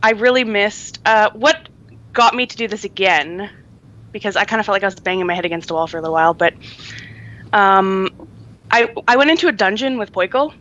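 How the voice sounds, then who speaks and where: A woman's voice: medium pitch, fairly bright tone, dull audio. A woman co-hosting a podcast in casual chat, chatty and laughing often, with many ums. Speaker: podcast co-host.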